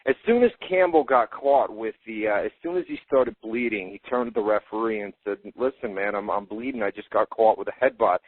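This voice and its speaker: A man's voice: fairly low pitch, a little fast, hardly any pauses, no room sound. A man hosting a radio fight-talk show, recapping events in casual chat with frequent "uh" fillers. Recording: tinny phone-like dry audio.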